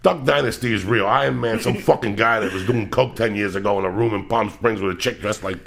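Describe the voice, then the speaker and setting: A middle-aged man hosting a podcast, telling rambling, profane stories in a loud, animated way. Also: fairly low pitch, fairly quick, vocal fry. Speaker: podcast host. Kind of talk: casual podcast chat.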